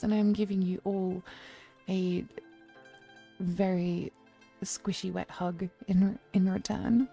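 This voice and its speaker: Woman streamer, mellow and close-miked, teasing and flirty in a theatrical persona, relaxed chat, soft music underneath. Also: medium pitch, slow pace, gravelly, long pauses. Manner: playful, flirtatious and theatrical, staying in a demon-queen persona. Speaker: streamer hosting her own channel. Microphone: close to the microphone. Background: faint background music.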